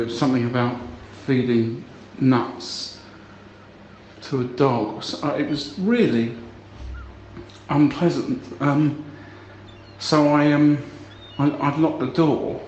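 A man stammers and restarts his way through a voicemail in a comic sketch, his pitch sitting in the middle. The recording sounds roomy and a little dull, with a faint hum of ambience behind him. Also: fairly even intonation. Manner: halting, stammering, grows exasperated and shouting. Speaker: friend leaving voicemails.

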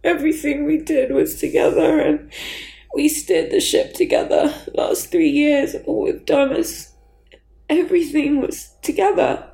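Grieving woman guest, high gravelly voice, halting, blunt, near tears. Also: steady tone, mellow, roomy sound, low-quality recording. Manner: halting, raw, swears bluntly. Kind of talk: candid conversation.

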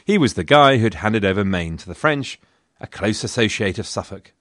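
A man's voice: on the low side, expressive, normal speed, dry recording. A man hosting a history podcast, telling the story in a wry, conversational way with dry asides. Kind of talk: scripted history narration.

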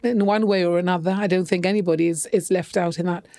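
A woman's voice: fairly low pitch, fairly even intonation, fast talker, dark tone, no room sound, studio quality. A woman hosting a casual interview, encouraging her guest with supportive comments and questions. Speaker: interview host.

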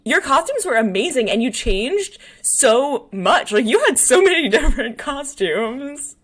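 A woman's voice: high-pitched, sing-song, a little slow. A woman hosting a podcast in casual chat, talking in a chatty way and laughing often. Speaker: podcast host.

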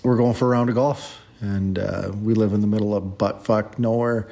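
A man sending a casual voice message, telling a story in a laid-back, halting way with lots of fillers. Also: fairly low pitch, fairly even intonation, creaky, warm tone. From Canada.

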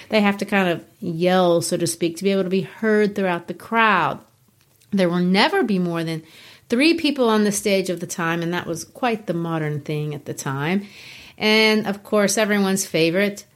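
A woman teacher giving a conversational literature lesson, explaining a play with casual fillers. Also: mid-range voice.

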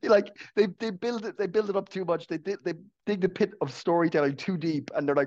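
A man's voice: high-pitched, fairly quick, a little mellow, muffled recording. A man co-hosting a casual podcast, joking and laughing often as he talks, with frequent restarts. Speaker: podcast co-host.

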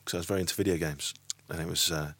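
A man's voice: sits low, fairly even intonation, racing, fairly bright tone, breathy edge, no echo. A man from England telling rambling personal anecdotes in casual chat, with frequent laughs. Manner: rambling, anecdotal, laughs often, does voices in quotes.

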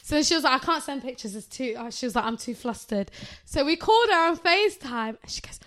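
A woman's voice: high-pitched, lively intonation, quick pace, a bit bright. A woman hosting a casual chat podcast, bubbly and teasing, laughing often. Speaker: podcast host.

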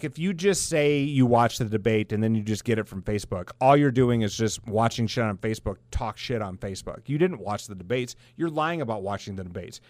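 In a mid-range, darkish voice with no echo, a middle-aged podcast host from South Dakota, USA launches into a heated, blunt monologue. The rant is profane and filled with swearing.

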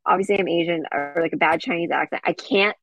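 A young woman with a Southern California accent chats on a podcast, her speech full of fillers and quick restarts. Her voice sits a little low. The audio is dry and slightly dull, like a modest home setup. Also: a bit bright, dry recording, soft background music. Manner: chatty, many fillers and restarts. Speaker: podcast co-host. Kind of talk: casual chat.

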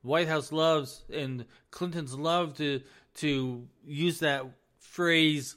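A man hosting a solo commentary, folksy and relaxed at first, then insistent and heated about the economy. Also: fairly high pitch, drawn-out words, hardly any pauses. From US East Coast. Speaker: business administrator, commentary host. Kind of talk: opinionated commentary.

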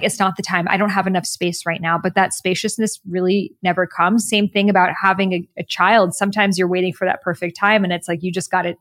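Earnest, animated woman telling her story. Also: medium pitch, no echo, clean studio sound. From United States. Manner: earnest, animated, spiritual-motivational talk. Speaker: podcast guest, author and coach. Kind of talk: reflective conversational storytelling.

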